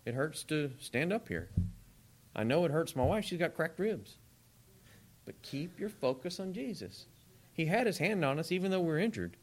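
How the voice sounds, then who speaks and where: A man preaching a sermon in a conversational, animated way, with asides to his congregation. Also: a little high, moderate pace.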